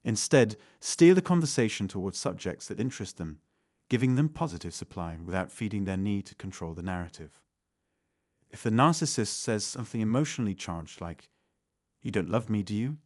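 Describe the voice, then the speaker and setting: Male narrator, low register, measured instructive read, dead-dry booth sound. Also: big pitch swings, darkish tone, dry recording. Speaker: channel narrator. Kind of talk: scripted self-help narration.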